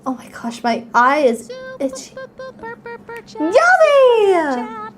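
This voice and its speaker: A young woman VTuber chatting on a live stream, excitable, squealing and giggling as she thanks her viewers. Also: high-pitched, a little slow, crowd noise.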